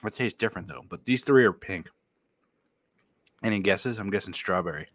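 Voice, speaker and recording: A man co-hosting a podcast in casual chat, loud and excitable, laughing and swearing often. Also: sits low, moderate pace. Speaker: podcast co-host.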